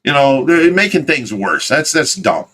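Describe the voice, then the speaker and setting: This is a man with a fairly high voice, hosting a relaxed livestream from a fish rescue. He talks plainly and insistently and keeps circling back to the same firm point. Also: measured pace, husky. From United States. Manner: emphatic, insistent, repeats himself. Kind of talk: casual livestream chat.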